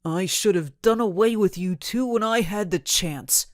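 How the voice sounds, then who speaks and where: A woman's voice: mid-range voice, measured pace, no room sound, clean studio sound, natural voice. A woman voicing a sneering grown-man villain, curt and menacing, in an audiobook reading.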